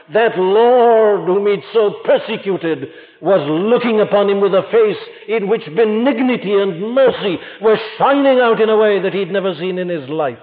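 Man preaching, fervent sermon, high voice, tinny old lo-fi recording. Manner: fervent, rising and falling preaching with solemn hushed passages. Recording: old lo-fi phone-band recording in a reverberant hall.

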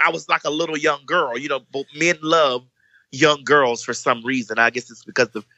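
A young woman telling a story in casual chat, animated and campy, jumping up to a high squeaky voice for the people she quotes. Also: moderate pace, no room sound, dull audio. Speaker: podcast guest telling a story.

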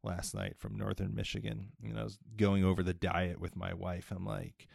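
Gravelly low-voiced male host. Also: monotone, moderate pace, few pauses, darkish tone, dry recording, clean studio sound. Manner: affirming, steers the talk with questions. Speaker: podcast host. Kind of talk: casual interview.

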